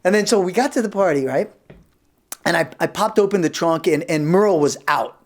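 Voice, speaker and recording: A man in his fifties hosting a comedy show, telling rambling stand-up stories about high school. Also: animated, fairly quick. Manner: rambling, self-interrupting. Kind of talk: stand-up storytelling.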